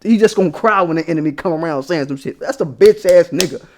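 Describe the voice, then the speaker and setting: A man's voice: fairly high pitch, fast. A man from Maryland giving a profane, heated commentary rant on his vlog. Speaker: commentary vlogger. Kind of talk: ranting commentary.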